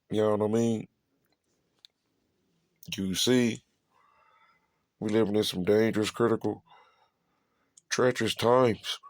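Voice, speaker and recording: Low-voiced man ranting a fiery sermon. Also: a little mellow, dry recording. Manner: profane, repetitive, keeps asking "you see?"; emphatic, drawn-out stresses. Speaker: preacher. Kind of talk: ranting street sermon commentary.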